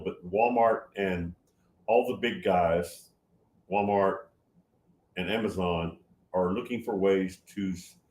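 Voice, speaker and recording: Excitable 71-year-old man in an echoey room. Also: low-pitched. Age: 70s. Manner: gets loud and excited, many restarts. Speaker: livestream host answering chat. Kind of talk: casual livestream talk.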